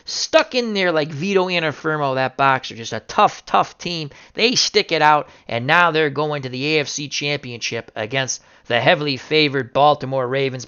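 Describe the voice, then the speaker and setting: Casting note: male hobby commentator, bright and punchy, excitable, slightly dull recording. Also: fairly high pitch, smooth. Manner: excitable, bursts into shouting over upsets. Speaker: video game sim commentator. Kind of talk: casual play-by-play commentary.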